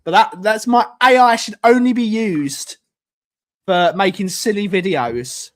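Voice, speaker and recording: A man chats casually on his live stream, wandering from thought to thought. He repeats his lines and cracks jokes, and his voice sits a little on the high side. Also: unhurried, fairly bright tone. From United Kingdom. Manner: rambling, repeats himself, jokey.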